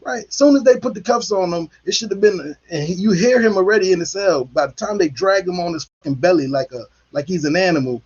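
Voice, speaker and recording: Angry guy cursing thru his commentary, raspy voice, kinda muffled recording. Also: high voice, brisk. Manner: angry, profane ranting. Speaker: political commentary host. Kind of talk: heated solo commentary.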